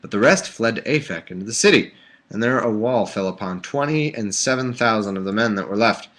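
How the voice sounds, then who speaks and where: A man's voice: fairly low pitch, lively intonation, fairly quick, fairly bright tone. A man hosting a livestream, reading Bible passages aloud in a mock-solemn voice and breaking off into sarcastic jokes. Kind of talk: casual reading with joking asides. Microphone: webcam or desk mic on a home livestream.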